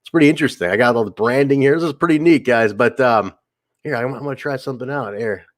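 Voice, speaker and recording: Alone on his casual podcast livestream, a male host tells a story fast in a mid-range voice. He rambles, restarts, leans on fillers, and performs other characters' lines.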